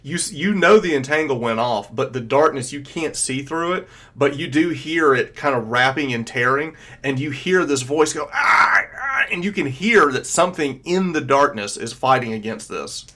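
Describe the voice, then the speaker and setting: A man at mid pitch runs a tabletop session as game master. He rambles through scene descriptions, padding them with ums and likes. His delivery stays casual. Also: animated, moderate pace, hardly any pauses, a bit bright. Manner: rambling, filler-heavy descriptions.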